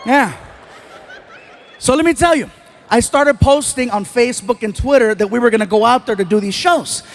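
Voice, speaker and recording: Male stand-up storyteller, high voice, animated, live on stage. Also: moderate pace. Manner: animated, puts on voices for people in his stories. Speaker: stand-up comedian.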